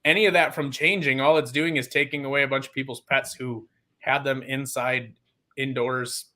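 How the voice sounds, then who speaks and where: A man's voice: medium pitch, steady tone, normal speed, bright, forceful tone. A man on a podcast as a guest, talking in an impassioned, rambling and sarcastic way. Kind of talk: casual podcast chat.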